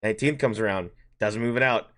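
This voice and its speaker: With a lowish, slightly bright voice, this man tells a rambling work anecdote at speed on his podcast, voicing both people in the conversation himself. The tone is casual chat.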